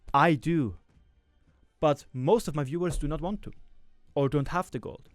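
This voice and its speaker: Recorded with no room sound, a man with a slightly high voice rants as a gaming YouTuber. His commentary is frustrated and full of swearing, and he keeps repeating himself as he vents.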